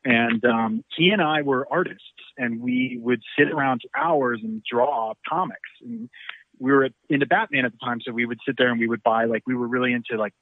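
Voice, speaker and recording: A middle-aged actor chatting in an interview, rambling through stories with a self-deprecating streak. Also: male voice, mid-range voice, expressive, brisk, vocal fry, dry recording. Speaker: actor guest. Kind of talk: casual interview chat. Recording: tinny phone-like line.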